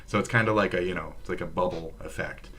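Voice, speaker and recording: A man's voice: low-pitched, fast talker, bright, forceful tone, slight background noise. A man from Minnesota with a Minnesotan accent, chatting profanely and rambling on a livestream. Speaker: streamer. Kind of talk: casual livestream chat.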